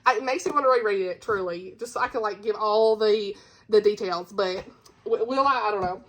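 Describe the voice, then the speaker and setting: A woman's voice: mid-range voice, a little fast. A woman hosting her own channel, chatting casually and bubbly about books she recommends, giggling often. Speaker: book reviewer, channel host. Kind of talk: casual book-recommendation chat.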